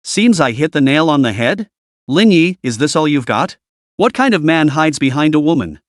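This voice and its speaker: A man's voice: a little high, animated, moderate pace, no echo, clean studio sound, natural voice. A man voicing a jealous, sneering young male student who taunts his rivals in a storybook recap. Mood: taunting. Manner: mocking, taunting.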